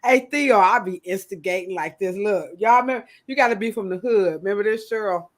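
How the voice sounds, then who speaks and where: A woman hosting a casual podcast livestream, talking in a playful, animated way. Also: medium pitch, fairly quick. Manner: animated, playful, acts out quoted voices. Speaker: podcast host.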